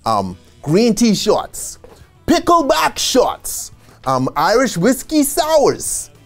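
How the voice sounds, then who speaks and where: Lively man teaching bartending basics. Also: very high-pitched, takes it slowly, soft background music. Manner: animated, checks in with "okay?" after points; casual and chatty, with asides and small laughs. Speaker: bartending instructor. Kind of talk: instructional video lesson.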